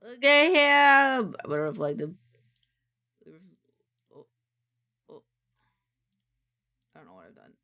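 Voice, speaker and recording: A woman streamer chatting casually, excitable and gushing, swearing and muttering to herself. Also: sits high, takes it slowly, long pauses, clear, resonant tone. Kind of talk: casual live-stream chat.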